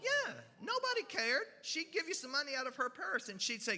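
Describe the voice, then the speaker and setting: A man, telling humorous stories at a church event in a folksy, animated way. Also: extremely high pitch, long reverb tail. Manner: folksy, animated, with drawn-out pauses. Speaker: storyteller. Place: church hall.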